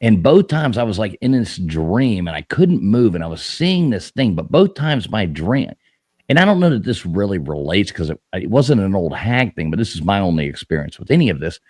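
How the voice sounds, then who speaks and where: Low, lively-voiced male stream host. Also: normal speed, no room sound, clean studio sound. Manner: rambling storytelling, many fillers and restarts. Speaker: host of a live paranormal talk stream. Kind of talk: casual chat.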